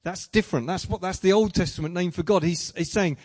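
Chatty preacher man, slightly higher voice. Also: a little fast, a little mellow. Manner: chatty, self-deprecating, frequent restarts. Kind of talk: sermon with personal anecdotes.

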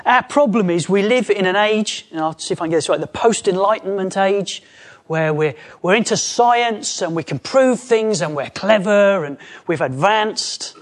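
A man preaching a conversational sermon, lively, acting out quoted voices as he goes. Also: high voice, normal speed.

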